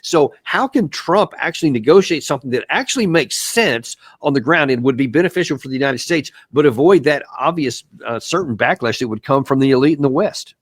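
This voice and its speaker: A man's voice: fairly high pitch, animated, brisk, hardly any pauses, dry recording. A man hosting an interview, asking conversational questions with repeated words and restarts. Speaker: show host.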